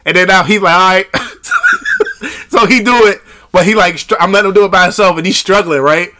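A man co-hosting a podcast in casual chat, an animated storyteller who acts out the people in his stories. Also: high voice, fast. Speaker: podcast co-host.

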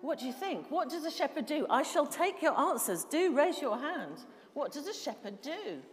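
A woman preaching a sermon, measured and emphatic, putting questions to the congregation. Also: high voice, big pitch swings, faint music behind. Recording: reverberant hall.

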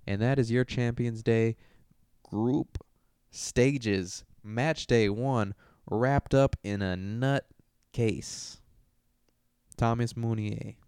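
Foul-mouthed young male host riffing on match results; smooth, resonant low voice. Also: a little mellow, dry recording, clean studio sound. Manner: profane, brash and joking. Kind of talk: casual sports commentary monologue.

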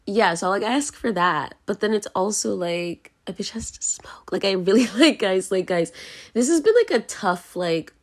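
A woman's voice: medium pitch, lively intonation, normal speed. A young woman, hosting a podcast from her bedroom in a casual, rambling way, full of fillers and self-mocking laughter. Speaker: podcast host. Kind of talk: casual confessional monologue. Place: bedroom, at home.

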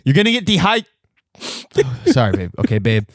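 A man's voice: medium pitch, huge pitch swings, brisk, no echo, clean studio sound. A man playing an exasperated, stammering boyfriend in an improvised comedy sketch. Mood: flustered.

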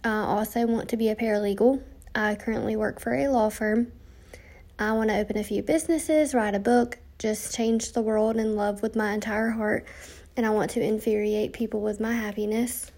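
A young woman with a mid-range, darkish voice speaks at a moderate pace in a steady tone. Hosting a podcast late at night, she's tired and yawning, giving a casual intro monologue full of ums while reading from notes.

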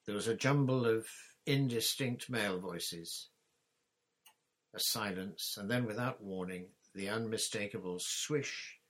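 A man reading a storybook chapter aloud as narrator in a steady, even manner. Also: lowish voice, measured pace. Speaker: audiobook reader.

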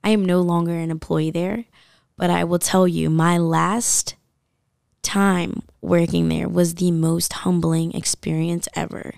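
A young woman with a low, gravelly voice tells a personal story in loose, chatty podcast talk. She fills her speech with likes and you-knows. The sound is close and dry. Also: level tone, unhurried, darkish tone, no echo. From United States. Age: young adult. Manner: chatty, full of fillers and likes. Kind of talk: casual storytelling chat.

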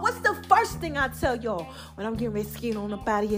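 A woman's voice: fairly high pitch, very animated, fast talker, hardly any pauses, soft background music. A woman giving a playful, casual motivational talk to her viewers, laughing and acting out little voices. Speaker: vlogger.

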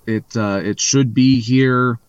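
A man hosting a casual podcast chat, talking in a halting way with many fillers and restarts. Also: mid-range voice, steady tone, clear, resonant tone, dry recording, muffled recording. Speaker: podcast host.

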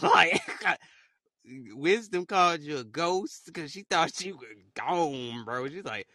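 A man's voice: a little high, lively intonation, measured pace, pushed and bright, dry recording, studio quality. A man chatting casually on a live audio stream, rambling in slang, full of fillers and restarts. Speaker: live audio room host.

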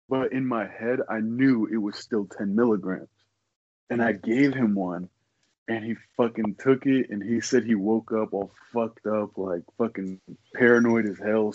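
A man's voice: lowish voice, a little mellow, no room sound, dull audio. Young man in loose, profane podcast chat. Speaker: podcast co-host. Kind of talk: casual chat.

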